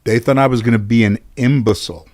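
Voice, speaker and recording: Animated man telling stories, from Los Angeles. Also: medium pitch, quick pace. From Los Angeles, USA. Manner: animated, swears freely, frequent fillers and restarts. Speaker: guest telling life stories. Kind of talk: casual storytelling in a conversation.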